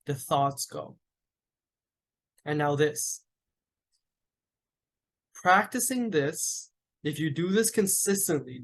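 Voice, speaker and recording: Meditation teacher, male, slightly raised pitch, measured guided-meditation delivery. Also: a bit bright. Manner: slow, deliberate, with long pauses.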